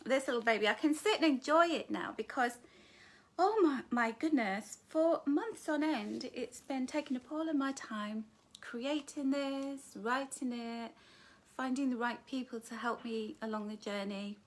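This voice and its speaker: Speaking at a measured pace, an author from the North of England chats to livestream viewers at her book launch from her living room, her high voice picked up by a phone or webcam. This middle-aged woman greets people warmly by name, calling them "love" and "darling," and keeps it light with self-mocking giggles.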